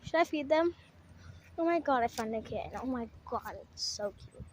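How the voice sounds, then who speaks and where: A woman, filming a casual vlog outdoors on her phone and chatting excitedly while coaxing stray cats. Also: sits high, moderate pace. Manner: excited, chatty, coaxing animals in a sing-song voice. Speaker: vlogger. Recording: noisy outdoor phone recording.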